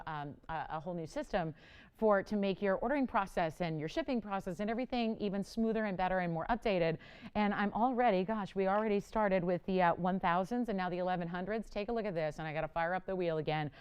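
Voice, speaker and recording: A middle-aged woman hosts a live jewelry sales show with a smooth, clear voice. She talks in a chatty, enthusiastic way and leans hard on her selling points. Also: mid-range voice, a little mellow. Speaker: jewelry shopping host. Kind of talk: live home-shopping sales pitch.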